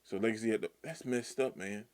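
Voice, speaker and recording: A man reading a manga aloud and reacting in excited, slangy outbursts. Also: lowish voice, a little fast.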